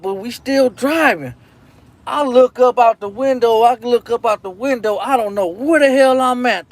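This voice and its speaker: A male live-show host telling a long, crude anecdote in loose slang, rambling and repeating "you know what I'm saying". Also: very high voice. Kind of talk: live-stream storytelling.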